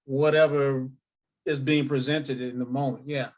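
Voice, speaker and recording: A man's voice: medium pitch, flat delivery, measured pace. A man co-hosting a casual chat, adding short agreeing replies and laughing easily. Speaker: podcast co-host.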